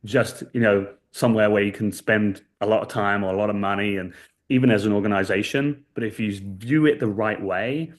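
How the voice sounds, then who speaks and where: A man guest on a podcast interview, earnestly telling a story and tagging points with quick checks for agreement. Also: on the low side, steady tone. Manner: earnest storytelling, many fillers and "right?" tags. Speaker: guest expert. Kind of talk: casual interview chat.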